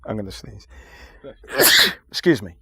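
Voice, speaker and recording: A man speaking as an interview guest, forceful and lecturing. He stretches key words and pauses to stress them. His pitch swings widely and the sound is dry and close. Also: very animated, slightly rough, no room sound. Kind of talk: emphatic conversational argument.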